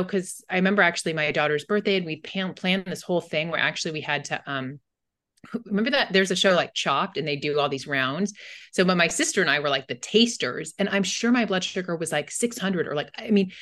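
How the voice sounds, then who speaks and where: Rambling, candid woman with a low voice. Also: a bit bright. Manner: candid, rambling storytelling with many fillers. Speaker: podcast co-host and anxiety coach. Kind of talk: casual podcast conversation.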